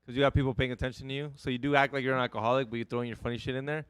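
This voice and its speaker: A man's voice: mid-range voice, level tone, very fast, fairly bright tone, clean tone, dry recording. A man co-hosting a podcast, talking emphatically and profanely, often calling the others "dog" and "bro.". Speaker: podcast co-host. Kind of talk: casual chat.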